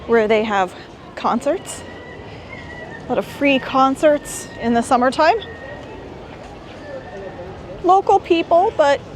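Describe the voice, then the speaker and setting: A woman narrates a casual travel vlog in a slightly high voice, wandering from one story to the next. She is recorded outdoors on a camera mic, with clear traffic and street sounds behind her. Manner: chatty, rambling, enthusiastic. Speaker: vlogger host. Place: outdoors at a busy beach town.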